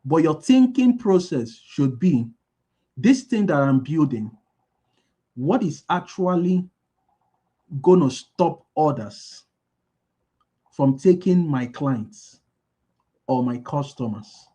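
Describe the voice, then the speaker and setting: High-voiced man repeating points for emphasis. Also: expressive, takes it slowly, pauses often, dark tone, husky. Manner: repeats key lines for emphasis; asks the audience call-and-response questions. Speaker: business speaker. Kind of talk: motivational business talk.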